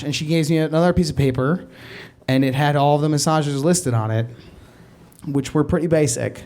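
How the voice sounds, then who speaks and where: A man's voice: fairly high pitch, a little slow, pauses often, darkish tone. A man telling a comic story in a rambling, self-interrupting way, laughing as he goes. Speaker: comedian telling a story on a podcast. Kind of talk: stand-up style comic storytelling.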